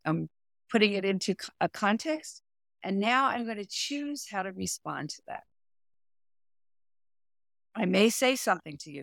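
A middle-aged woman, a performance coach and therapist, explaining her method in a podcast interview, with lively, hands-on explanations. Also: medium pitch, unhurried, creaky, dry recording, clean studio sound. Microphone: remote audio, no camera.

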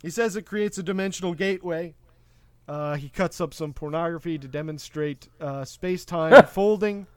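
A man hosts a casual movie podcast and recaps the plot in a rambling way, full of fillers and quick asides. His voice sits fairly high. The mic is close and the sound is dry. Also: dry recording. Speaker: podcast host.

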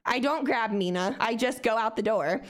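A young woman tells a casual, rambling story straight to her audience, swearing freely and leaning on "like" and "um". Her voice sits a touch higher than most women's. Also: moderate pace. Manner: profane, rambling, lots of "like" and "um". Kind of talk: casual anecdote to camera.

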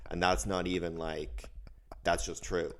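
A man co-hosting a podcast, rambling through a casual explanation with halting restarts. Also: deep voice, little pitch movement, fairly bright tone. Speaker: podcast co-host. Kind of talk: casual banter.

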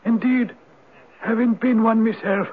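The husky old spirit of the rock. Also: male voice, extremely high pitch, steady tone, unhurried, exaggerated voice. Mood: wise, teasing. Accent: Irish. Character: mysterious old male spirit, a Viking turned Irish. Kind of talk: 1970s radio drama acting. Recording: narrow, tinny old radio broadcast.

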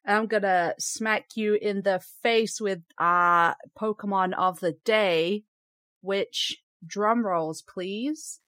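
A woman's voice: mid-range voice, slow, fairly bright tone, no echo, studio quality. Upbeat giggly woman podcast host. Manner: upbeat and giggly, reading out facts. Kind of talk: casual chat presenting facts.

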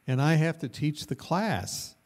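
A male pastor telling a story in a sermon, animated and lively, with bursts of loudness and laughter. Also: a little high, unhurried.

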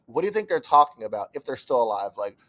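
A man's voice: mid-range voice, big pitch swings, fast talker, fairly bright tone. A young man co-hosts a casual podcast in an ordinary middle voice. He reads out facts, then slides into cursing, exasperated rants. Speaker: podcast co-host. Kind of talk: casual chat.

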